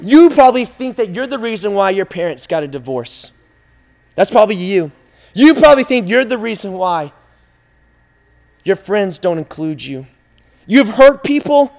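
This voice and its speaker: A male preacher delivering an impassioned, repetitive sermon, swinging from hushed, intimate lines to loud, driving ones. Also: high-pitched.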